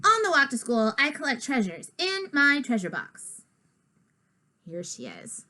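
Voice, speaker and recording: A woman reads a children's picture book aloud with a high, bright voice that jumps around constantly. She talks straight to her young listener between pages, keeping the storytime lively. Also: unhurried. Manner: lively, expressive storytime delivery with asides to the listener. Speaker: storybook reader.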